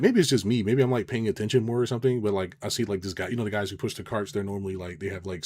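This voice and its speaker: Middle-aged guy rambling on a livestream, lowish voice, cusses a lot, quotes people back and forth. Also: darkish tone. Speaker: business coach. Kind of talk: casual livestream chat.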